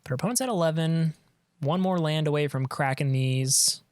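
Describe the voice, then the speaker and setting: A man's voice: on the high side, moderate pace, dry recording. A man giving casual commentary on his own card game match, thinking aloud and trailing off mid-sentence, on a close desk mic.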